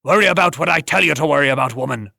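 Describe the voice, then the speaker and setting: A man voicing a gruff male tavern owner who gives curt, bossy orders. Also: mid-range voice, fairly even intonation, normal speed, fairly bright tone, dry recording, studio quality.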